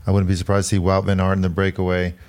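Very deep, fast-talking man. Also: smooth. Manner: quick, laughing, animated storyteller. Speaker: podcast co-host and former pro cyclist. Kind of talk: casual chat.

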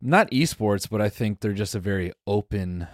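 A young man co-hosting a podcast, teasing deadpan and laughing often in casual banter. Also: on the low side, moderate pace, dry recording, clean studio sound. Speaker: podcast co-host.

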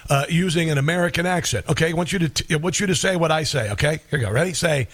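A man's voice: a little high, rapid-fire, hardly any pauses, slightly rough. A man hosting a talk radio show, reading an ad and interviewing a guest in a folksy, joking, emphatic way.

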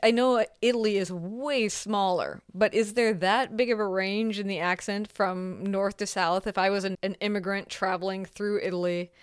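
A woman with a smooth, resonant voice hosts a podcast, asking questions and reading out listener mail. She speaks in a friendly, articulate way, at a middle pitch. The sound is dry and close. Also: steady tone, moderate pace, few pauses, no echo. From United States. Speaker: podcast host.

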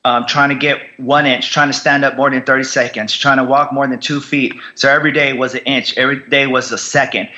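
A man's voice: mid-range voice, flat delivery, fairly quick, hardly any pauses, bright, forceful tone, muffled recording. A man who served in war, telling his recovery story bluntly, swearing constantly and repeating himself for emphasis. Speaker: military veteran guest. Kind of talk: candid conversational storytelling.

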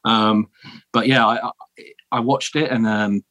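A British man with a fairly low voice talks as a podcast guest. His storytelling is easygoing and chatty, with frequent "man" and "um" along the way. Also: fairly even intonation, a little slow, fairly bright tone. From United Kingdom. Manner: laid-back, chatty, often says "man" and "um". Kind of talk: casual interview storytelling.

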